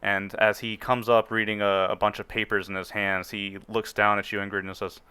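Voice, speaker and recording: Male game master, low and clear, loose and joking. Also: little pitch movement, brisk, pushed and bright, no echo. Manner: rambling, joking, fillers. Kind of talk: narrating a tabletop game.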